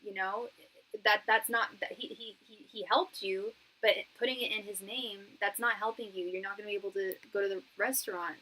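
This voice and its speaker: Woman doing a live tarot reading, chatty and slangy, calls everyone girl, average pitch. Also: steady tone, fairly quick, sharp tone, poor audio. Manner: thanks viewers for donations. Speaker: tarot reader and psychic medium.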